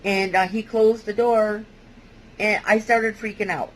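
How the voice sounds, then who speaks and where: A woman vlogger giving a halting, hesitant personal testimony, with many fillers and restarts. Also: mid-range voice, fairly even intonation, a little hiss or hum, low-quality recording.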